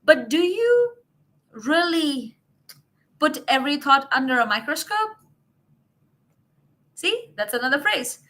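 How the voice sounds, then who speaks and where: A woman's voice: high voice, sing-song, takes it slowly, long pauses, bright, forceful tone. A woman hosting a casual livestream English lesson, coaching her viewers in an encouraging, chatty way, with fillers and self-corrections. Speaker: English teacher, livestream host.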